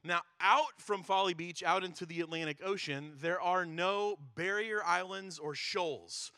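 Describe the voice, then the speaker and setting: Bright, chatty high-voiced male pastor. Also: measured pace, smooth, dry recording, clean studio sound. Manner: conversational, chatty with filler words. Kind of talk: sermon.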